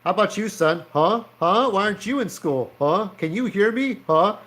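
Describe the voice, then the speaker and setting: A man's voice: high voice, lively intonation, moderate pace, fairly bright tone, pitched above the performer's own voice. A man voicing a stern male police officer who keeps pressing schoolkids with questions. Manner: pushy, repeating gruff questions.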